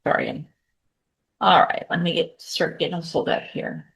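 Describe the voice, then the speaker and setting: Low-voiced woman judge in court. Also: fairly even intonation, normal speed, creaky, fairly bright tone. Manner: procedural, methodical, thinking aloud between formal readings. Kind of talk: courtroom proceedings.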